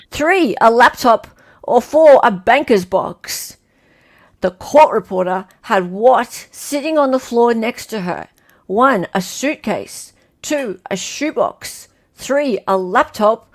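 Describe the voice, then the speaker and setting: An Australian woman hosting a livestream quiz, playfully reading out multiple-choice options slowly and repeating them. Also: on the high side. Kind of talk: casual livestream chat.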